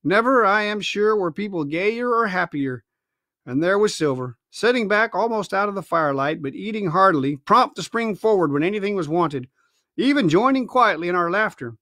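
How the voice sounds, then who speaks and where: A man reading a classic adventure novel aloud with expressive storytelling. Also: high voice, normal speed, no echo, studio quality. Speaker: reader.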